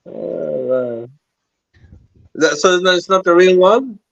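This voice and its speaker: Joking man with a lively voice. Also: high-pitched, drawn-out words, gravelly, no echo, highs cut off, faint music behind. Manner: joking boasts, says "mate" a lot. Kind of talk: casual chat.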